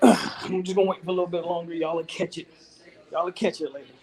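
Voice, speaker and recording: A man hosting a live fan reaction stream, out of breath, talking in excited, repetitive slang outdoors in the wind. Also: high-pitched, fast talker. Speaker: channel host. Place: outdoors, windy.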